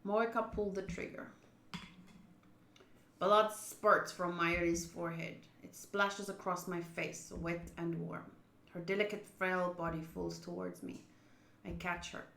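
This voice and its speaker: A woman's voice: on the low side, steady tone, measured pace, vocal fry, fairly bright tone, echoey room, slight background noise. A woman streaming a visual novel, reading its text aloud and chatting about it between bites of food. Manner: chatty, eats while talking.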